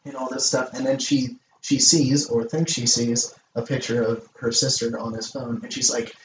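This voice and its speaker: A man's voice: mid-range voice, flat delivery, normal speed, a bit bright. A man co-hosting a casual movie podcast, cracking crude jokes. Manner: joking, crude banter. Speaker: podcast co-host. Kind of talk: casual film review chat. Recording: echoey room, off-mic, faint hiss.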